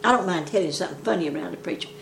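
A woman's voice: fairly low pitch, racing, vocal fry, a little hiss or hum. An older woman telling folk jokes in a rambling, folksy dialect. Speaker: storyteller.

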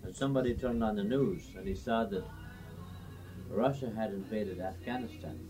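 A man telling jokes at an informal music session in a house, chuckling and halting as he goes, on a 1980s home tape. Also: fairly low pitch. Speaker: joke teller.

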